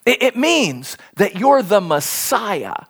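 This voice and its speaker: Preacher for a sermon read, very lively pitch that leaps up and down, animated storyteller. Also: slow, breathy edge. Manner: animated storytelling, acts out quoted speech.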